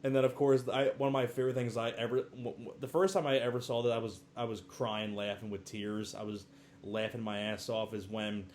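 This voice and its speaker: A man chatting through a movie review in a relaxed, rambling way, often laughing. His pitch sits in the middle, with a faint hiss of background noise behind him. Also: brisk. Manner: chatty, laughs often, acts out film quotes.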